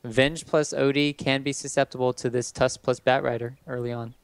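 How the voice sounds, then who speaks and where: Man from Texas, esports color commentator, relaxed, chatty, mid pitch. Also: moderate pace, smooth, no room sound. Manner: relaxed, chatty analysis with laughs. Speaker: esports caster. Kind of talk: live game commentary.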